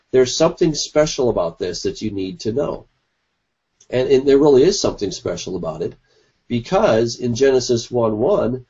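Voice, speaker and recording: A man's voice: lowish voice, a little mellow, husky. A man presenting his side in a debate, explaining in a teacherly way with everyday examples. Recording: dull lo-fi recording.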